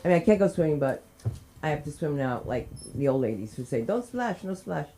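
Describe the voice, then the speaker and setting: Loud, laughing woman emcee. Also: extremely low pitch, lively intonation, quick pace, a little hiss or hum. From New Jersey. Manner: loud, laughs often, shouts and cries out in bits. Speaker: open mic host. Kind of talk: stand-up comedy and emceeing.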